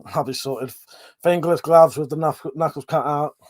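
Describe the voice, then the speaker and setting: A man's voice: on the high side, fairly even intonation, normal speed, a little mellow. A man with a cold, sniffling and coughing, hosting a casual live stream where he reads out viewer comments, swearing and laughing often.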